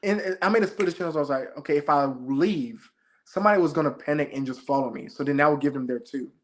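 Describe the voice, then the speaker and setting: Animated young man telling a story. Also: a little high. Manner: fast, excited retelling, acting out his own shouts. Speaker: interview guest, former game show contestant. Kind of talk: animated storytelling in casual chat.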